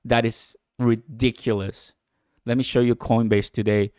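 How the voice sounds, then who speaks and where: Excitable man hosting a crypto live stream. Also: mid-range voice, a little slow, clean tone, no room sound, clean studio sound. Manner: excitable, laughs often, chatty asides to viewers. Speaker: crypto livestream host. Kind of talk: casual live-stream market commentary. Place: at home, early morning.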